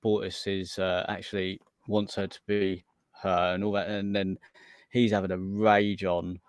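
A man co-hosting a podcast in casual chat, halting with many restarts. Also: deep voice, flat delivery, clean tone, no echo, clean studio sound. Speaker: podcast co-host.

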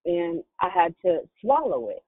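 A woman on a prayer call, slowly and earnestly giving thanks in a heartfelt testimony. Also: on the low side, sing-song, no echo. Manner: earnest, deliberate, grateful. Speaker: caller sharing in a prayer call. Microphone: phone. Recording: tinny phone line.

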